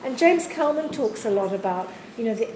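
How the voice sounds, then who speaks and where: A woman's voice: on the high side, lively intonation, fairly quick. A woman interviewing a writer at a university event, asking thoughtful, searching questions. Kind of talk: literary conversation at a public event. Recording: echoey room with background noise.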